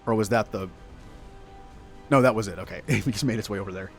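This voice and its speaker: A man's voice: fairly low pitch, a little fast, vocal fry, faint music behind. A man from the southern United States giving casual gameplay commentary, chatty and rambling, laughing often. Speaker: gaming streamer.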